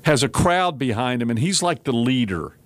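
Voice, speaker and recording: A man's voice: mid-range voice, moderate pace, no room sound. A man hosting a talk radio show in casual chat, telling stories and acting out quotes in raised voices. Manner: animated storyteller, acts out quotes in raised voices.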